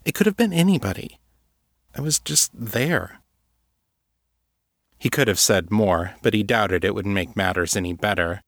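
A man with a lowish voice narrates a serialized fantasy story in a steady, measured way. He is recorded on a close mic with a dry sound. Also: no echo. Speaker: narrator and author. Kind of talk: scripted audiobook narration.

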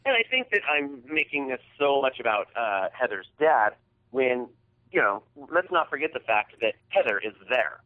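A man's voice: mid-range voice, big pitch swings, normal speed. A man hosting a podcast, retelling an embarrassing story in a casual, profane, heated way. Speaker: podcast host. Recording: tinny phone-like sound.

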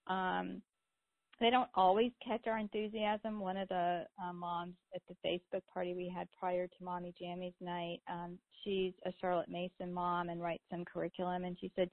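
A woman's voice: medium pitch, fairly even intonation, moderate pace, no echo. A woman hosting the show, chatting in a rambling storytelling way and laughing often. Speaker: host. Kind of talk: casual chat. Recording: tinny phone-like call audio, dry.

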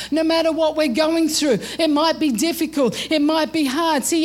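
Woman preacher, middle-aged, high-pitched, emphatic sermon delivery. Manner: emphatic, repeats "come on".

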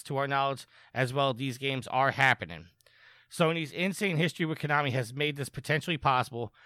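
A man reads gaming news on a podcast and then trades jokes with his co-hosts. His voice is bright and forward, recorded close and dry with hardly any room sound. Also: mid-range voice, no room sound. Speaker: podcast co-host. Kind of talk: casual podcast chat, reading gaming news.

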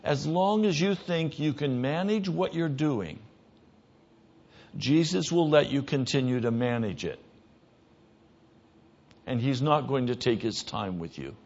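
A man preaching a sermon as pastor, emphatic, moving between hushed lines and loud ones. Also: medium pitch, expressive, a little slow, long pauses. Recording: dull lo-fi sermon recording.

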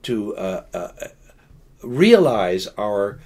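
An older man, a podcast guest, telling stories in a halting, rambling way with many restarts and laughing asides. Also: fairly low pitch, big pitch swings, darkish tone. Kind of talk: casual storytelling.

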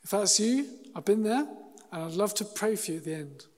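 A man preaching a sermon in an earnest, halting way, often restarting his sentences. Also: sits high, animated, a little mellow, big-room sound. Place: church hall.

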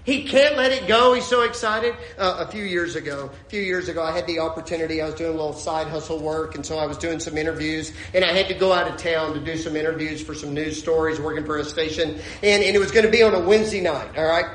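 A man's voice: a little high, quick pace, few pauses, a little hiss or hum. A man, preaching a humorous sermon with stories and acting out the voices of the people in them. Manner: animated, acts out voices of people in his stories. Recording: echoey room with faint ambience.

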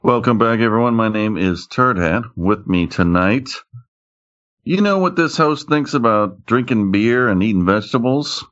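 A man's voice: lowish voice, expressive, normal speed, fairly bright tone. A man hosting a casual podcast, playfully introducing his co-hosts. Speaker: podcast host. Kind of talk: casual chat. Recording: dull lo-fi audio.

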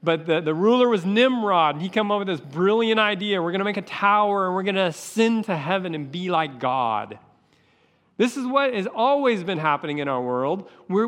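Man, pastor, passionate sermon, swooping lively pitch, reverberant church hall. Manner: impassioned preaching, acting out voices for effect.

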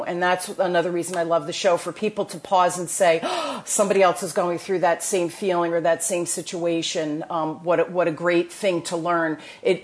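A woman with a New Jersey accent, hosting a podcast and giving enthusiastic, motivational talk full of restarts. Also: fairly low pitch. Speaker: podcast host. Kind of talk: casual chat.

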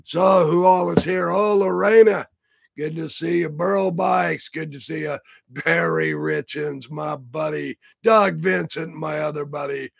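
A man with a raspy, gravelly, worn-out voice chats casually on a livestream. He talks slowly and playfully, greeting his viewers one by one, sitting close to a dry, unechoing mic. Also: on the high side, dry recording. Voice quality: raspy, rough voice. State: hoarse. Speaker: livestream host. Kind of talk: casual live-stream chat.

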